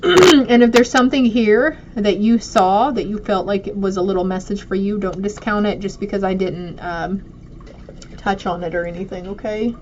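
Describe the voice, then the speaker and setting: This oracle card reader has a medium-pitched, slightly mellow voice and addresses her audience warmly and directly during a casual spiritual reading. A faint hiss or hum runs through the dull, lo-fi recording.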